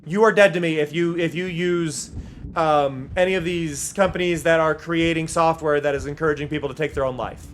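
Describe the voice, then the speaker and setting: A streamer from the United States talking live over gameplay, emphatic and worked up, repeating key points, at other times reading game text aloud in a playful, mocking way. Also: male voice, on the high side, fairly even intonation, brisk, a little hiss or hum. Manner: heated ranting, emphatic repetition.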